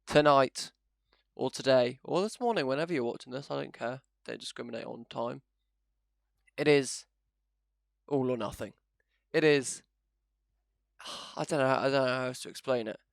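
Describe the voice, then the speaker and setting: Man, gaming host, gravelly voice, dry close sound, chatty self-mocking commentary. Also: medium pitch, normal speed, pauses often, no echo. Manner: chatty and self-mocking, swings into loud excitement. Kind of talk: video game commentary. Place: home setup, no camera.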